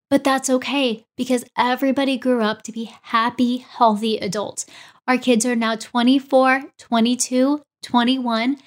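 A woman in her forties, a podcast host, telling a personal story and acting out the dialogue with energy. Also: on the high side. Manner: animated, acts out quoted dialogue.

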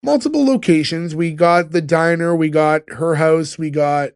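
A man's voice: fairly high pitch, moderate pace, smooth, dry recording, studio quality. A man hosting a casual podcast, talking loosely with lots of fillers. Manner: loose, rambling, frequent fillers. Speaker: podcast host. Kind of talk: casual chat.

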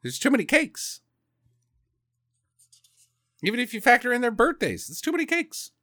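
Animated, joking man on a movie podcast. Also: extremely high pitch, moderate pace, no room sound, studio quality. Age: adult parent. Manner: jokey, lively, acts out scenes. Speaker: podcast co-host. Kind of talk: casual chat riffing on a movie.

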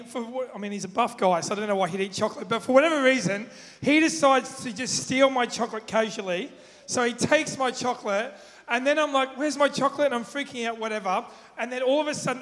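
Man, conversational sermon, asks the crowd questions, very high-pitched, long hall reverb. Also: a bit bright. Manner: conversational, asks the audience questions, acts out examples.

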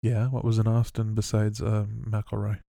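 A man co-hosting a podcast in casual chat, joking and animated, often bursting into laughter. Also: lowish voice, normal speed, vocal fry, dry recording, studio quality. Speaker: podcast co-host.

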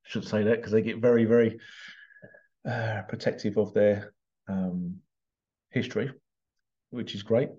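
A man's voice: fairly low pitch, fairly even intonation, measured pace, long pauses, warm tone, muffled recording. An Englishman hosting a podcast in a casual solo monologue, rambling and digressive with frequent chuckles. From England. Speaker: podcast host.

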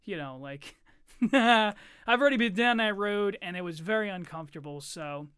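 A man's voice: high-pitched, moderate pace, clean tone, dry recording, clean studio sound. A young man hosting a casual podcast, telling stories animatedly and swearing freely. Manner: profane, animated storyteller. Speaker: podcast host. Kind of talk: casual chat. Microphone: studio microphone.

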